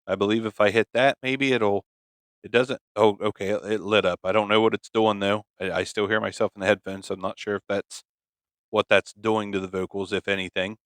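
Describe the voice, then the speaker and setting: A man's voice: on the low side, level tone, brisk, a bit bright, clean tone, dry recording. A man reviewing an audio device, thinking aloud in a casual, hesitant way on a studio microphone in a home studio. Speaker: gear reviewer. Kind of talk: casual product demonstration. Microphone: XLR microphone on boom arm.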